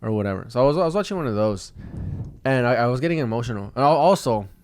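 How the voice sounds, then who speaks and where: Give me a quick-talking man in his twenties telling a rambling story on a dry close mic. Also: mid-range voice, lively intonation, darkish tone, no echo. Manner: rambling storyteller, lots of fillers and swearing. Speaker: podcast co-host. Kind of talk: casual chat.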